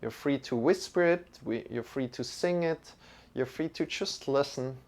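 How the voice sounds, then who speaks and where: A man teaching a live-streamed yoga lesson, chatting relaxedly with viewers and leading a mantra. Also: mid-range voice. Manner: slow, drawn-out mantra chanting.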